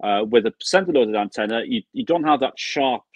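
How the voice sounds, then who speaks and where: British guy, kinda husky, explaining stuff calmly on a show, dry mic. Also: medium pitch, a little fast, no echo, lo-fi sound. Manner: explains patiently, gestures while talking. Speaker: guest. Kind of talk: casual technical chat.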